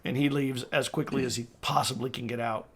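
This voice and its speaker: A man's voice: mid-range voice, steady tone, fairly quick, breathy edge. A man narrating as game master of a tabletop game, in a wry, amused way.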